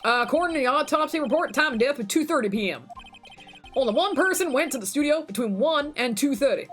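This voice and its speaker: Woman putting on a bumbling Southern cop, drawly, bouncy pitch, faint music behind. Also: expressive, quick pace. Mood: blustery. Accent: put-on Southern US. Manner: blustery, says "pal" a lot. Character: gruff Southern male police detective, bumbling.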